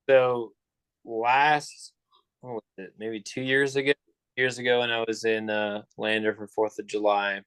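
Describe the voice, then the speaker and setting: A man's voice: fairly low pitch, a bit bright, clean tone, no echo. A young man telling a long story on a casual podcast, rambling with lots of fillers and restarts. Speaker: podcast co-host.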